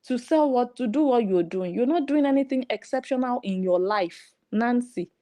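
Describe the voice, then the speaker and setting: A woman's voice: on the high side, expressive, moderate pace, warm tone. A woman with a Nigerian English accent, giving sarcastic, scolding commentary. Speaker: online commentator. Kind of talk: ranting commentary.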